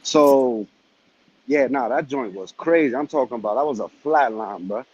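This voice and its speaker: A man calling into a live show who tells a story with animated street slang. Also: mid-range voice, moderate pace, husky, lo-fi sound. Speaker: caller. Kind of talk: casual call-in chat.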